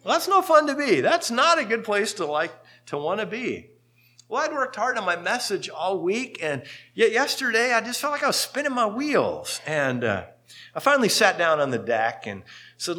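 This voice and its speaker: A man preaching a sermon as pastor, telling stories with sudden lively rises in pitch and volume. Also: measured pace.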